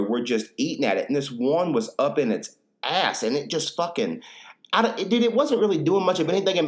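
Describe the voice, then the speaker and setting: A young adult man hosting a solo podcast, telling stories in a rambling, profane way with laughs. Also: fairly high pitch. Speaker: podcast host. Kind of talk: casual solo podcast chat.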